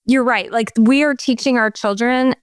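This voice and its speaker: Lively middle-aged woman, smooth clear voice. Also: on the high side, moderate pace, no echo, studio quality. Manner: lively, expressive storyteller. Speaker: guest, home organizer. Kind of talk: casual chat.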